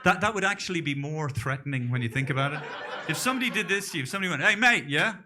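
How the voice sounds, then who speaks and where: A man's voice: a little high, animated, very fast, noisy background. A middle-aged Irish man doing a rambling, self-deprecating stand-up set on a club stage, often trailing off into mumbles. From Ireland. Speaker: stand-up comedian.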